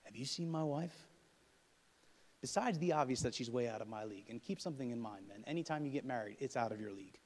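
A man's voice: mid-range voice, racing, few pauses. Man telling a personal story. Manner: animated, acts out dialogue loudly. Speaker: podcast host.

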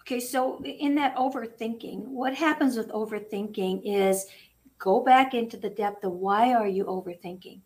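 A woman speaking as a spiritual coach in a casual interview, animated and laughing often as she acts out inner voices. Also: on the high side, normal speed.

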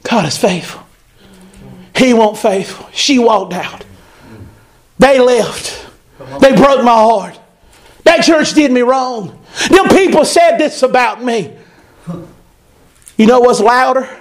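High-voiced animated preacher. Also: male voice, slow, long pauses. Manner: animated, emphatic preaching with repetition. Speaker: pastor. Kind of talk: sermon.

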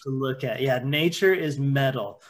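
A man's voice: mid-range voice, moderate pace, slight background noise. A man co-hosting a casual podcast chat, talking loosely with lots of filler words.

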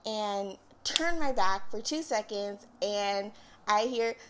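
A young woman hosts a casual solo podcast in a chatty, conversational way. Her voice sits at a middle pitch, and she gets animated and laughs when she acts out a story. Faint background noise sits under the recording. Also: slow. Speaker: podcast host.

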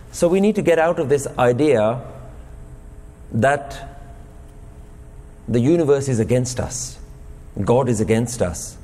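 A man's voice: on the high side, unhurried, pauses often, warm tone, big-room sound. A man giving a sermon at a gurdwara, telling a parable and posing rhetorical questions to the congregation. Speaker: speaker at a Sikh gurdwara. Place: gurdwara hall.

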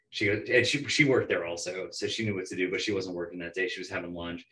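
A young man, a bartender, telling animated stories in casual chat, swearing and acting out quotes. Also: deep voice, quick pace, hardly any pauses, rough recording. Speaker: bartender guest. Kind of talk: casual storytelling.

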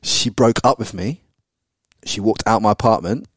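A low-voiced man tells a personal story on a podcast, blunt and full of swearing. He keeps checking in with his listener through quick tag questions. The sound is close and dry. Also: dry recording. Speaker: podcast guest. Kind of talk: candid storytelling.

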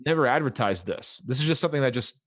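A man's voice: mid-range voice, lively intonation, fast talker, no room sound, clean studio sound. A young man co-hosting a podcast, emphatic and fired up, swearing casually. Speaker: podcast co-host.

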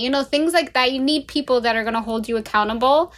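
A young woman hosting a casual podcast chat in a high, bright-sounding voice. She talks in an animated way, laughs often and acts out her own thoughts as she tells them. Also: fairly quick, few pauses. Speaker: podcast host. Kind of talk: casual conversation.

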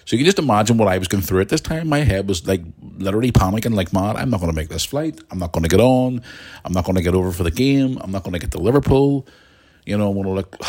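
A young man hosting a podcast, telling a long rambling story with plenty of restarts and asides to his listeners. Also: sits low. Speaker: podcast host. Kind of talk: casual storytelling monologue.

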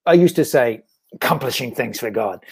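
A man's voice: mid-range voice, expressive, normal speed, gravelly, a little mellow, breathy edge. A man, a guest author speaking earnestly and reflectively about faith in a casual interview. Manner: earnest and reflective, with frequent restarts.

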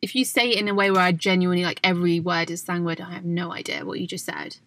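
A woman's voice: fairly low pitch, animated, fast, a bit bright. A woman in casual chat, talking freely and filling her sentences with "like". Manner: chatty, many fillers like "like", laughs easily.

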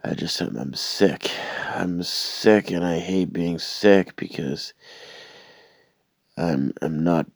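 A man's voice: low-pitched, takes it slowly, long pauses, no echo. A man who has a cold, rambling and complaining in a sardonic way, stumbling over and repeating his words. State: sick with a cold or flu. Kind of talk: casual rambling rant to camera.

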